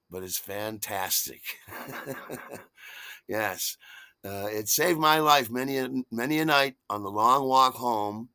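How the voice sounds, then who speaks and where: A man in his sixties, the host, telling a personal story in a theatrical, animated way that swings from loud to hushed. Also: mid-range voice, no room sound. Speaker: podcast host.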